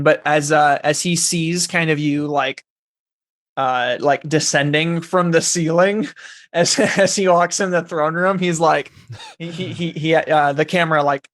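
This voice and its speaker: A man's voice: fairly high pitch, fairly even intonation, measured pace, a bit bright, dry recording, studio quality. A man playing a tabletop role-playing game, describing his character casually with lots of filler words. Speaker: player.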